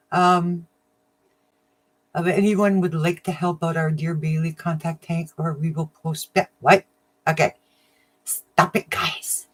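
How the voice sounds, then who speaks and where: Chatty, emotional woman livestreaming. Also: low voice. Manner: emotional, chatty, laughs often. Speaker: livestream host of a crafting channel. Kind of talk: casual livestream chat with viewers.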